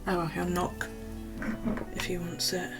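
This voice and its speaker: Gravelly-voiced chatty British woman. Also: lowish voice, monotone, a little slow, over loud music. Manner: chatty, gossipy storytelling, swears freely. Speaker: vlogger. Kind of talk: casual chat to camera.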